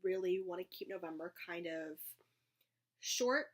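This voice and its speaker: A woman's voice: on the low side, unhurried. A young woman chatting casually about books, gushing and rambling with restarts and giggles. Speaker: book vlogger. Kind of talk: casual chat, book review.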